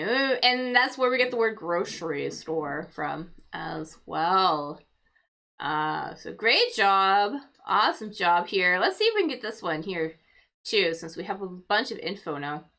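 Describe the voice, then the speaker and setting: Slow, lively woman teaching English. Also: medium pitch. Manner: thinks aloud, explains word meanings patiently. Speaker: English teacher hosting a crossword stream. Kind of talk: casual livestream teaching.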